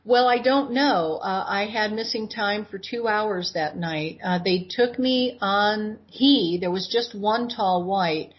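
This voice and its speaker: A woman in her sixties, a guest in an interview, telling her personal story in an animated way and acting out what she said back then. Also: mid-range voice, takes it slowly, hardly any pauses, slightly rough. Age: 60s. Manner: animated retelling that acts out her own past words. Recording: dull lo-fi audio.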